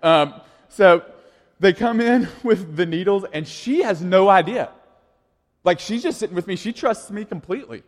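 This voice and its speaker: A pastor in his thirties preaching a sermon in a casual, conversational way, moving from quiet asides to lively storytelling. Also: high-pitched, moderate pace. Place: church sanctuary. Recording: long reverb of a large hall.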